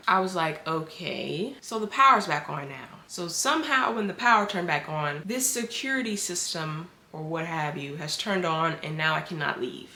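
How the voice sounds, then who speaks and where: A young woman telling a dramatic storytime as a vlogger, animated and acting out her own quotes. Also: on the low side. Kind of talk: storytime narration. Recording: echoey room.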